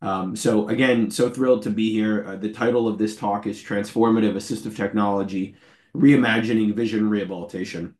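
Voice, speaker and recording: This is a man in his forties giving a lecture from his office over a video call. His fairly low voice is turning hoarse, yet he stays earnest and friendly. The sound carries a clear room echo. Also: fairly even intonation, fairly quick, darkish tone. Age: 40s. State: losing his voice. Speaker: invited lecturer. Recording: roomy echo.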